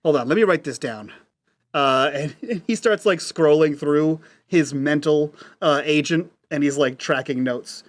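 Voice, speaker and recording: A man's voice: fairly high pitch, measured pace, dry recording. A man playing his character in a tabletop role-play, joking and rambling with many restarts. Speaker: player.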